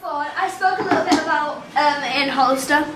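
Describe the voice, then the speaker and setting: A young woman telling a story in casual chat at home, giggly and animated. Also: sits high, fairly quick, over loud music. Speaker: vlogger's daughter. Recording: roomy echo, noticeable noise.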